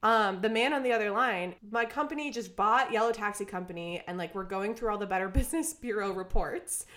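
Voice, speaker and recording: A woman's voice: mid-range voice, fairly quick. A young woman from Minnesota, co-hosting a podcast, tells a long story in casual chat, acting out everyone's lines and saying "like" constantly. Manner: animated, acts out quotes, says "like" constantly. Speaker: podcast co-host.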